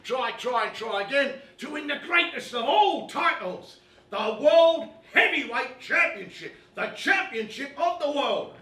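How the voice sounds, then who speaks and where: An actor playing a brash, chatty British boxing commentator in an animated one-man stage comedy monologue, talking straight to the audience. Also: high voice, normal speed, exaggerated voice. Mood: enthusiastic. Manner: animated, chummy, addresses the audience directly. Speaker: stage performer. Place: theatre stage with a live audience. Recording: roomy live stage recording from far off.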